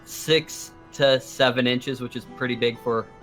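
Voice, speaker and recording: A man playing a tabletop game, describing what his dwarf does in a halting, amused way. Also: mid-range voice, fairly even intonation, a bit bright. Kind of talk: describing his character's actions. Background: background music.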